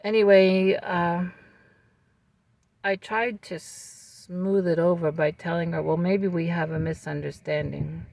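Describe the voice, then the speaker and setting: A vlogger telling a personal story to camera in a calm, measured way, with fillers and restarts. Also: mid-range voice, gravelly, dry recording.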